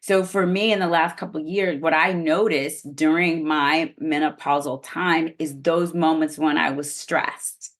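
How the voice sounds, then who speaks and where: A middle-aged woman with a low voice talks through her own experience on a podcast. She explains things in an earnest, open way, as a guest expert sharing personal stories. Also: steady tone, measured pace, hardly any pauses. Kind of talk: podcast interview.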